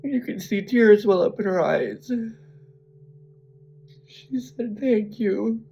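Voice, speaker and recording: A man's voice: sits high, slow pace, vocal fry, highs cut off. A man telling a personal story to camera, earnest and emotional, speaking bluntly and swearing now and then. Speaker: vlogger.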